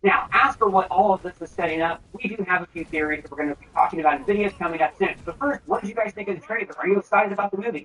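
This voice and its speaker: A man hosting a film trailer breakdown, with brisk, enthusiastic commentary. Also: high voice, a bit bright, rough recording. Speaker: host.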